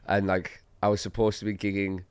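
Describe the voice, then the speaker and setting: A man's voice: lowish voice, flat delivery, brisk, a little mellow, clear, resonant tone, no echo. A young Australian man, a comedian guest, telling stories in casual podcast chat, laid-back and swearing, acting out quotes as he goes.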